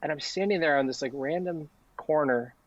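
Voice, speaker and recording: A man shares stories as a podcast guest, earnest and rambling, with plenty of restarts. His voice sits a little high. The recording sounds dull and lo-fi. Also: moderate pace, no echo. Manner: rambling and earnest, often acting out what people said. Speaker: interview guest. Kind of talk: casual conversational storytelling.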